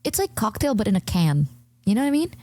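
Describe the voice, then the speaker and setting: A young woman streamer, not a native English speaker, telling a rambling, animated story in casual chat with many fillers. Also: fast, dry recording. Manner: rambling, animated, full of fillers, jumps high when telling stories.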